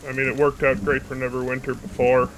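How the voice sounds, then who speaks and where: A man's voice: mid-range voice, completely flat delivery, fast, poor audio. A man playing a tabletop game in character, speaking bluntly and swearing often. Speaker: player. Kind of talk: in-character tabletop role-play.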